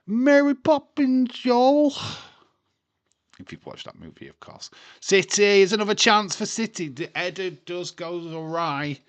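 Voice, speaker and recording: A man's voice: fairly low pitch, fairly bright tone, dry recording. A man streaming a live watchalong, chatting casually with crude jokes and frequent laughs. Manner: crude, jokey, laughs often.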